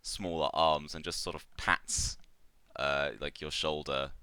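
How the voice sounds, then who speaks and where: A man's voice: extremely low pitch, fairly even intonation, a little slow, sharp tone, smooth, no room sound. A man narrating as game master of a tabletop game in a casual way with fillers.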